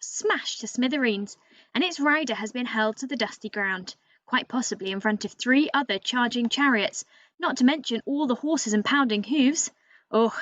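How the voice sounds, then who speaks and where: Give me a woman voicing a boastful, cheeky storybook raven in a high, lively voice, recorded dry and muffled. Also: no echo. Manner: cheeky, bossy, talks straight to the listener. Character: cocky chatty male raven, boastful know-it-all. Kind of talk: storybook read-aloud.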